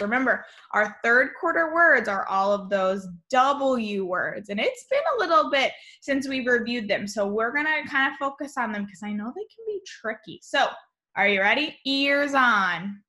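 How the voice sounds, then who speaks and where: A woman teacher talks slowly and cheerfully to young children in a remote lesson. Her voice is bright and sits a little high, with a sing-song lilt.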